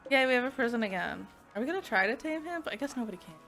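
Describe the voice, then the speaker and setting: A woman's voice: fairly high pitch, animated, racing, fairly bright tone, faint music behind. A young woman streaming a game as a VTuber, chatting casually, reading chat aloud and laughing often.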